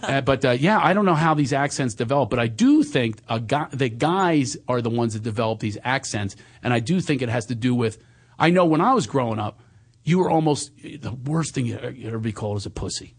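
A man from the US East Coast hosting a radio show, joking around in studio chat and slipping into quick comic voices. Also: mid-range voice. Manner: animated, jokey, slips into quick voices.

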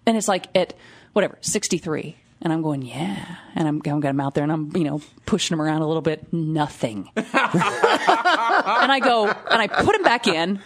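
Woman, casual chat, lowish voice, animated storyteller, acts out quotes. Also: moderate pace.

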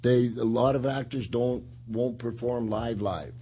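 A man's voice: mid-range voice, fairly even intonation, measured pace, warm tone, breathy edge. A man hosting a casual talk show, telling rambling stories and laughing often. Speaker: podcast host and retired wrestler. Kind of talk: casual chat.

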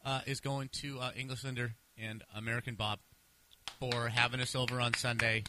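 Easygoing older-sounding man, bright voice. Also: mid-range voice, level tone, moderate pace, no echo. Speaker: podcast co-host. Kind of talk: casual sports talk show banter.

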